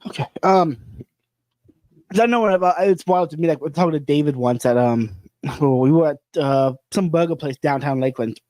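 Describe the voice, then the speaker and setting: A man's voice: fairly high pitch, moderate pace, warm tone, no room sound. A man hosting a podcast, telling stories animatedly and laughing often in casual conversation. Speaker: podcast host.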